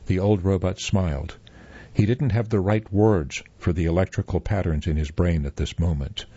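A man reading a story aloud as narrator, in measured scripted narration. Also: sits low, mellow, slightly rough, no echo. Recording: dull, muffled dry recording.

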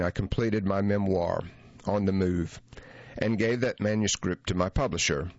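A man reading a first-person memoir essay aloud in a measured, reflective audiobook narration. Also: deep voice, no echo, dull audio.

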